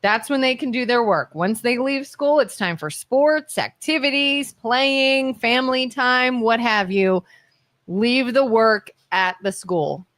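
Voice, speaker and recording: A woman co-hosting a casual talk radio show, chipper and animated as she tells stories. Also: on the high side, takes it slowly, no echo. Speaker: co-host. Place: radio studio.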